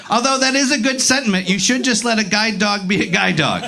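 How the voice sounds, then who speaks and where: Male stand-up comic, high bright voice, profane exasperated ranter, club stage mic. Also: lively intonation, fairly quick, few pauses. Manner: profane, exasperated ranting with crowd banter. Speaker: stand-up comedian. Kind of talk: live stand-up comedy set.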